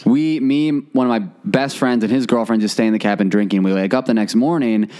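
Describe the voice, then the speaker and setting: A man's voice: mid-range voice, a little fast, dark tone, smooth. A man casually telling a long funny story on a podcast, acting out the voices of the people in it.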